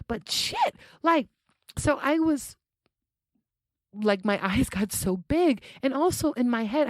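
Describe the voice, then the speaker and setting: A young adult woman hosting a podcast, telling a dating story in a casual, profane way and acting out the quotes. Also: dry recording. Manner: animated, profane, acts out quotes with big pitch jumps. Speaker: podcast host.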